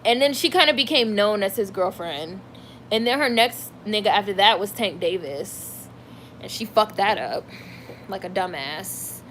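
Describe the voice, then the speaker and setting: A woman hosts a livestream, chatting casually about celebrity gossip and reacting to comments from her chat. She's chatty and animated, saying "like" a lot, in a medium-pitched, slightly slow voice with a little hiss or hum.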